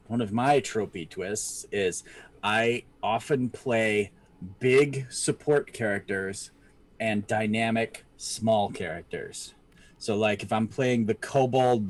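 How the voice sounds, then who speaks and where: A man with a fairly low-pitched voice chats casually on a live stream. He rambles playfully, circling back on his thoughts and laughing along the way. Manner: rambling and playful, often laughing and acting out little character voices. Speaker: podcast co-host.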